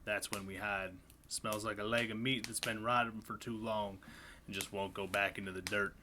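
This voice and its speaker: Man reading as a frightened rough-spoken farmer. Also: on the low side, little pitch movement, moderate pace, noisy background, lightly acted. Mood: grim. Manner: rough folksy grammar, grim. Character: frightened uneducated male farmer writing diary.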